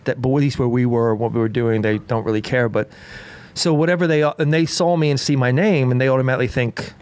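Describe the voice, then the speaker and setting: A man's voice: mid-range voice, steady tone, fast talker, darkish tone, clear, resonant tone. Rambling East Coast American man. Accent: East Coast American, slightly British. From Washington DC and Maryland area. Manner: rambling storyteller, full of restarts. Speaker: podcast co-host. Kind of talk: casual chat.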